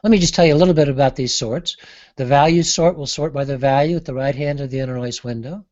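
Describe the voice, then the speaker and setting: A man giving an unscripted software demonstration, thinking aloud with frequent pauses and fillers. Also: mid-range voice, dull audio. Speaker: market analyst demonstrating software. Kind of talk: unscripted screen-share demo.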